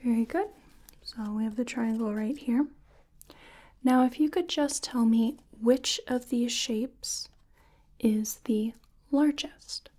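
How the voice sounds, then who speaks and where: Softly whispering woman in a clinician role-play. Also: on the high side, slow pace. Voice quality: soft whispering. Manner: gentle, patient, instructing step by step. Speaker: ASMR artist playing a clinician giving cognitive tests.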